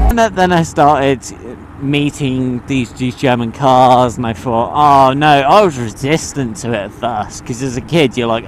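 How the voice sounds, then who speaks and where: A man from the UK giving a casual vlog monologue, animated and swearing, with his voice jumping between high and low. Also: unhurried, soft background music. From United Kingdom. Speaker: motovlogger.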